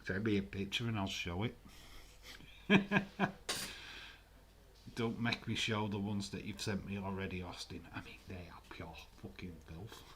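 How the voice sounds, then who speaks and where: A man's voice: sits low, little pitch movement, a little fast, few pauses, a bit bright, slight background noise. A man hosting a live stream, chatting casually in a rambling way, swearing freely and reading viewer comments aloud. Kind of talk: casual watch-along chat.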